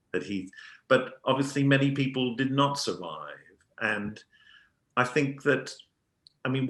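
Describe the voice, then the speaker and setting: A man's voice: lowish voice, a bit bright. A man interviewing a filmmaker, speaking in an earnest, openly emotional way. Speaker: programmer and interviewer. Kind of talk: interview questions and commentary. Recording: roomy echo.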